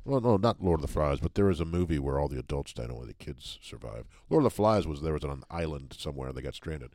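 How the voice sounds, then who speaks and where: A man with a very deep voice drops dry, sarcastic one-liners in laid-back banter. The recording is close and dry, with no room sound. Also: expressive, fast, a little mellow, no room sound. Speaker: podcast co-host. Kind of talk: casual banter.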